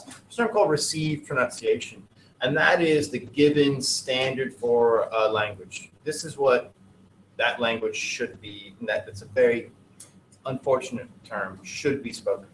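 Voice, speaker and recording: A man's voice: medium pitch, reverberant, a little hiss or hum, poor audio. A man teaching a class in a casual, digressive, joking way. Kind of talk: classroom lesson.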